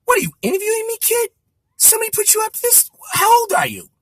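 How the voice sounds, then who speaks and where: A gruff, mocking older comedian, as a man puts him on barks needling questions at a kid. His voice jumps well above his usual register and comes out bright and sharp, recorded close and dry. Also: very high voice, wildly swooping pitch, quick pace, no echo, pitched above the performer's own voice, heavily acted. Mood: suspicious.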